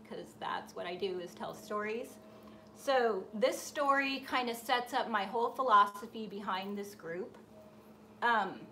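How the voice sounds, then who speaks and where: A woman hosting a live stream for her design group, telling a personal story in a casual, animated way. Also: medium pitch, a little hiss or hum. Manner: animated storyteller, acts out voices in her anecdotes. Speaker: host of a painting and design group. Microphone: live stream setup.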